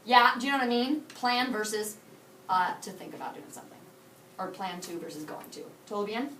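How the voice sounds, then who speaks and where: A woman teaching Spanish to a high school class, energetic and playful, drilling students with call-and-response in a classroom. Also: fairly quick, a little hiss or hum. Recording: echoey classroom, mic far off.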